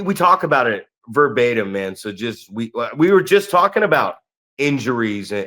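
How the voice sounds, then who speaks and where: A man's voice: medium pitch, a bit bright. A man co-hosting a podcast, telling a story in casual chat and swearing freely. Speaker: podcast co-host and wrestling promoter.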